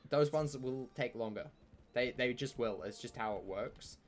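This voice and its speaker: A man's voice: medium pitch, normal speed. A man giving chatty, playful live commentary on a game he streams, with joking trash talk aimed at the enemies.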